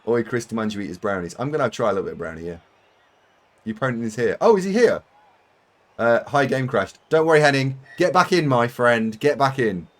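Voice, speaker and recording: A British man with a mid-range voice talks fast as he chats casually with his viewers during a game stream. He rambles, pokes fun at himself, and laughs often.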